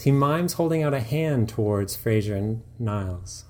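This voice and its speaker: A man's voice: medium pitch, expressive, darkish tone, faint music behind. Man reading scripted story narration. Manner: measured, descriptive reading. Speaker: storyteller and writer.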